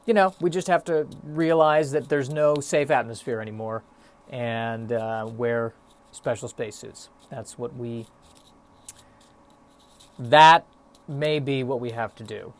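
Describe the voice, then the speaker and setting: A man's voice: medium pitch, fairly even intonation, unhurried. Rambling, self-mocking podcast man. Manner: self-deprecating, stop-start musing with frequent fillers. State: a bit out of breath. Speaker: solo podcast host. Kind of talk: rambling solo podcast monologue.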